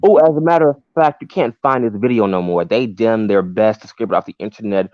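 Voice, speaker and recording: Man co-host, lowish voice, conspiratorial drawl, dry and muffled lo-fi sound. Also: fairly quick, dry recording. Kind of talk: casual chat.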